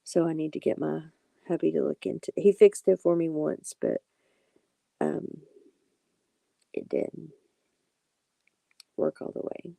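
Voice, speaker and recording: A woman with a heavily gravelly, very dark and mellow voice, reassuring her viewers one by one in a casual live-stream chat. The sound is dry and close, and her pitch stays flat and unhurried. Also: dry recording. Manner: reassuring, talks directly to viewers by name. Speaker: tarot reader hosting a live stream.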